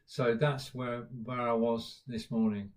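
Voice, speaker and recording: A man's voice: medium pitch, level tone, unhurried. A British man hosting a casual live stream, chatting loosely and greeting viewers by name with frequent fillers. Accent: British English. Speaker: livestream host.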